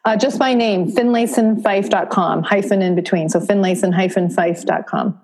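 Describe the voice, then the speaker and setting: A woman from Vermont, a therapist, explaining her courses to an interviewer in a steady, explanatory way. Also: mid-range voice, normal speed. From Vermont, USA. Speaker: therapist and course creator, guest. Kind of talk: interview answers.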